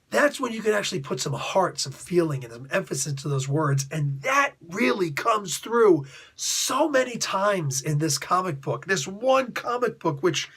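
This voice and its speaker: Man, husky voice, slightly high, casual comic book review, chatty, rambling, laughs a lot. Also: a bit bright. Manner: chatty, laughs often, asks "you know what I'm saying?"; rambling, with restarts and asides.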